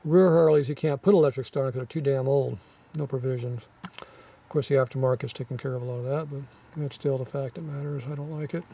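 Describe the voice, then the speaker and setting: A man with a scratchy, sore throat reading viewer comments in a casual, offhand way, clearing his throat often and muttering asides. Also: mid-range voice, steady tone, brisk, dark tone, distant mic.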